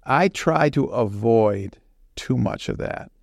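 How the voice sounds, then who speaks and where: A man who writes fiction, giving an informal talk on the writing craft in an unhurried, conversational way. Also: medium pitch, expressive, gravelly, darkish tone, no room sound, clean studio sound. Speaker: fiction author.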